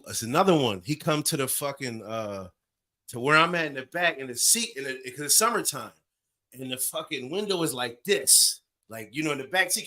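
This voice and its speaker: Animated man telling a story. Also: on the high side. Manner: animated, acts out voices and sounds. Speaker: podcast co-host. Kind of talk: casual storytelling.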